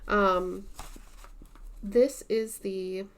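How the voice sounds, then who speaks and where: A woman vlogger in casual show-and-tell chat about her stitching projects, unhurried and chatty, with some soft asides. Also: mid-range voice, fairly even intonation.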